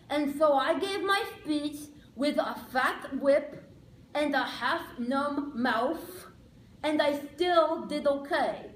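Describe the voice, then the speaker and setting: A woman giving a playful, upbeat speech of practical advice to a speaking club, with emphatic slowed-down lines. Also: high-pitched. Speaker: public speaker. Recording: echoey room, faint background noise.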